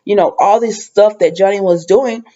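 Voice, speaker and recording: A woman's voice: mid-range voice, normal speed, mellow. Woman, casual recap, chatty and rambling, muffled lo-fi sound. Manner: chatty, rambling, with frequent fillers and asides. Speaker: soap opera recap vlogger.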